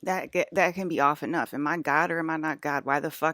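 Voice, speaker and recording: Low-voiced woman ranting in a rambling vlog. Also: fairly even intonation, fairly quick, hardly any pauses, fairly bright tone, dry recording, studio quality. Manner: profane, agitated, rambling with many fillers. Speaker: vlogger. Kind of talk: rambling monologue about dreams.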